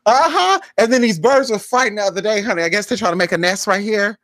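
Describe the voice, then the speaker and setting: A woman who does spiritual readings and vlogs spins a gossipy neighborhood story, animated and full of impersonations, with constant "girl" and "honey" aimed at the viewer. She talks fast at medium pitch, a bit bright, with no room sound.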